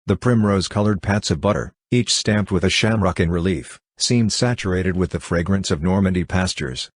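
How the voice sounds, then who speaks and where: A male audiobook narrator with a deep, husky voice reads scripted narration at normal speed. The recording is dry, with clean studio sound.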